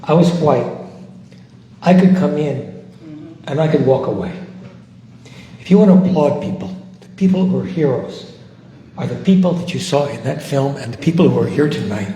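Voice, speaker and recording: A man's voice: mid-range voice, animated, dark tone. Older man telling a story in an echoey hall. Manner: reflective, halting with restarts. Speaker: guest speaker, former civil rights volunteer. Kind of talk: storytelling at a post-screening discussion. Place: large hall. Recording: echoey hall, faint noise.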